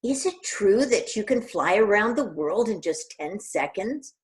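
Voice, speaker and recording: A woman voicing a clever, brave young princess who speaks brightly and boldly. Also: mid-range voice, measured pace, natural voice. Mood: sly. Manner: bright, excited and bold.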